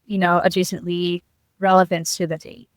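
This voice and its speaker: A woman guest on a podcast, calmly explaining ideas for couples' dates in a measured way. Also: on the low side, no echo. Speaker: guest, couples' date coach. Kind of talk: explaining in an interview.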